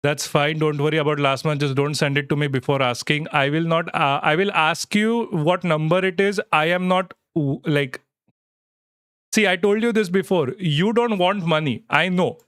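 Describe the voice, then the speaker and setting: Man, live-stream host, casual rambling chat, smooth voice, dry close sound. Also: on the high side, fairly even intonation, moderate pace, fairly bright tone, no room sound. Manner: rambling, reassuring, with frequent swearing. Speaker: livestream host.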